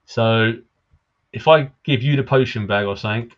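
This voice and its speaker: A man co-hosting a game playthrough in relaxed casual chat, guiding his partner along. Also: mid-range voice, normal speed. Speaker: co-host playing a video game. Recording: dull lo-fi recording.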